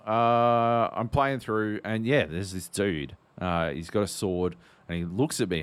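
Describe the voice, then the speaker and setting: Low-voiced guy on a gaming podcast, swearing nonstop, rambly. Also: unhurried, hardly any pauses, clear, resonant tone, no echo. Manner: rambling, swears constantly, animated storytelling. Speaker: podcast co-host. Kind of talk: casual chat.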